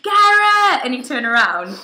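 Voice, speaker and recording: Young woman vlogger, chatty storyteller, bright tone, roomy sound. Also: mid-range voice, lively intonation, fast. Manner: chatty storytelling, acting out friends' lines. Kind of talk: casual chat.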